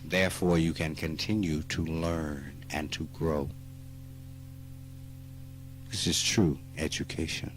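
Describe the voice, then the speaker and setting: A spiritual teacher from Mississippi with a Southern US accent gives a spoken dharma talk in an extremely low-pitched voice. He's slow and emphatic, teases his listeners, and rises into animated outbursts. It's an archive talk recording with faint music in it.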